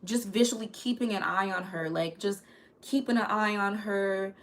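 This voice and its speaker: A woman's voice: mid-range voice, normal speed. A woman vlogger telling a personal story in a candid, casual way, full of slang and swearing.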